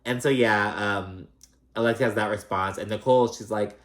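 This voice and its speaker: A man's voice: lowish voice, fairly even intonation, normal speed, fairly bright tone. Sassy, profane man gossiping. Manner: chatty, profane, sassy, lots of fillers. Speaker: recap vlogger. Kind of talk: casual gossipy recap.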